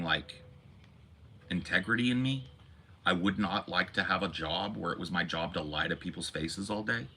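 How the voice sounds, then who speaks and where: A man's voice: sits low, bright, forceful tone, a little hiss or hum. A man hosting a podcast, delivering an impassioned, preachy rant full of profanity. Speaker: podcast host. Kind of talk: impassioned monologue.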